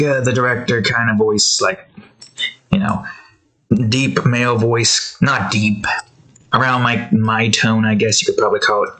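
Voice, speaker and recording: A man's voice: mid-range voice, moderate pace, a bit bright, low-quality recording. A man in a casual art vlog, rambling through a story with many fillers and restarts. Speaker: art vlogger.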